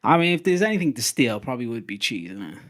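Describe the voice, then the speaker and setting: A young man hosts a podcast in easygoing casual chat. He moves the talk along between topics in a mid-pitched voice. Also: big pitch swings, fast talker. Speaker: podcast host.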